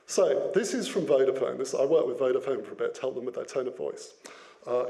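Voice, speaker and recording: A man giving an interactive business talk, lively and playful, putting questions to his audience. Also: medium pitch, brisk, vocal fry. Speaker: business speaker.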